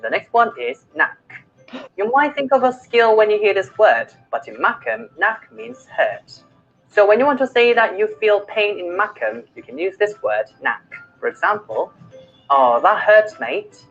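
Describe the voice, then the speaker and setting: A woman presenting a language explainer video, speaking slowly and deliberately. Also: medium pitch, sing-song, vocal fry, highs cut off, soft background music. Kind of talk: scripted explainer narration.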